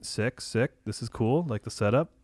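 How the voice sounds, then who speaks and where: A man's voice: medium pitch, moderate pace, darkish tone, no echo. A man hosting a film podcast in casual chat, rambling and full of fillers. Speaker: podcast host.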